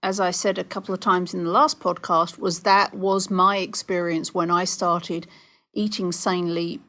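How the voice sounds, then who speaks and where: A woman's voice: on the low side, little pitch movement, normal speed, pushed and bright. Chatty woman with a Sussex accent. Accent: Sussex English. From southern England. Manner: chatty, laughs easily, checks her understanding. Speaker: podcast co-host. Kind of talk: casual chat.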